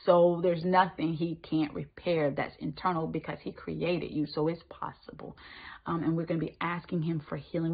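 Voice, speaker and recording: A woman giving a spoken Christian devotional, moving between emphatic lines and hushed whispers. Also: sits low, moderate pace, creaky, breathy edge. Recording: tinny phone-like sound.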